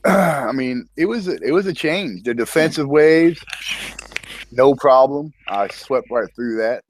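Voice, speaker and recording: A man's voice: medium pitch, lively intonation, slow pace, a little hiss or hum. Laid-back profane male gaming host. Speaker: podcast host. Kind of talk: casual gaming chat.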